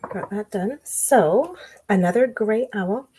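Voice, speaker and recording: A woman giving a relaxed card-making tutorial, chatting and thinking aloud as she works. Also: medium pitch, slow, slight background noise, low-quality recording. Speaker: craft demonstrator.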